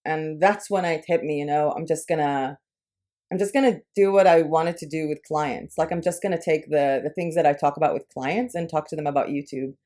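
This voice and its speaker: A woman's voice: sits low, fairly even intonation, a little fast, mellow. A young woman from Israel speaking English with a light, Americanized Israeli accent, chatting casually in a personal vlog with frequent filler words. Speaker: YouTube creator.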